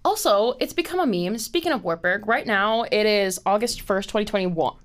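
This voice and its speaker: A woman's voice: medium pitch, lively intonation, moderate pace. A woman in her twenties hosting a podcast in casual chat, rambling, packing in "like" and swearing freely. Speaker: podcast host.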